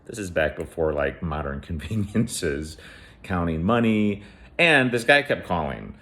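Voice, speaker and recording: A middle-aged man telling a personal story in a casual, animated way, acting out the quotes. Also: low-pitched, a little slow.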